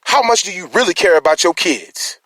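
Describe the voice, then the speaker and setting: A man's voice: high voice, animated, brisk, sharp tone, dry recording. A man speaking as a concerned citizen in an emotional personal monologue, rambling and restarting his words as he challenges his listeners.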